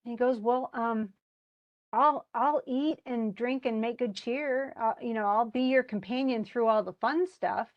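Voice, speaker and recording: A woman giving a lively classroom lecture, acting out characters' lines as she explains them. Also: a little high, lo-fi sound. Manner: animated, acts out characters' lines in quotes. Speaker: literature lecturer.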